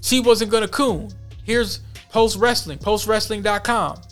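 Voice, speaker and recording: Soft music plays behind this podcast host as he reads the news aloud in an unhurried manner. His voice sits high and a bit bright, and his commentary is blunt and slangy.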